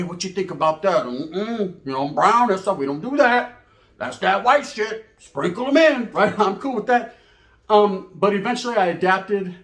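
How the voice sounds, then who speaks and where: A man's voice: on the high side, fairly bright tone, echoey room. A man telling a profane comic story in a rambling, casual way, switching into voices for the people in it.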